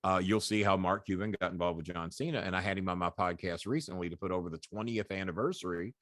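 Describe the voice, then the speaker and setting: A middle-aged man, guesting on an interview and telling animated, profane, boastful anecdotes. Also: low-pitched, quick pace, no echo, studio quality. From Louisville, Kentucky. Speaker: guest, former wrestling manager. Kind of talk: casual storytelling interview.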